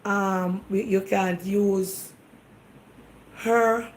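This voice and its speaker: A woman's voice: medium pitch, steady tone, very slow, slight background noise, poor audio. A woman with a Jamaican accent hosting a casual talk show. She speaks straight to her viewers in an emphatic, insistent way and keeps firing questions back at them. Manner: emphatic, fires rhetorical questions at listeners; speaks directly to the audience, defensive and insistent.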